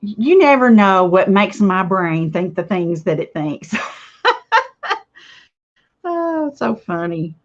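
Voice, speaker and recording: A woman's voice: medium pitch, big pitch swings, slow, pauses often. A woman chatting casually to viewers while she makes a craft project, rambling from one thought to the next. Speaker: craft vlogger. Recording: slightly dull lo-fi audio.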